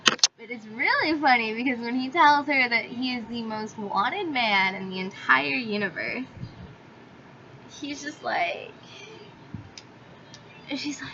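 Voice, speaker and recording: A woman's voice: on the high side, slow, pauses often. A young woman reviewing a book in a casual vlog, talking in a chatty, filler-heavy way and swearing freely. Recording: slightly dull audio with faint hiss.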